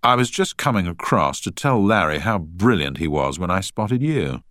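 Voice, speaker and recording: A man's voice: low-pitched, sing-song, normal speed, fairly bright tone, no room sound, clean studio sound, voice pushed up. A man voicing a pushy, eager young man who will not take no for an answer.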